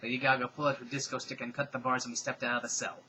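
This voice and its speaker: A man giving a comedic, dramatic reading of fan fiction, with deadpan, sarcastic asides. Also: medium pitch, very fast, a little hiss or hum, poor audio.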